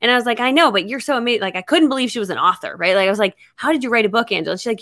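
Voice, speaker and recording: A middle-aged woman chatting as a guest author on a podcast, bubbly and quick, laughing often. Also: a little high, animated, bright, forceful tone, no echo, studio quality. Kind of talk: casual podcast chat.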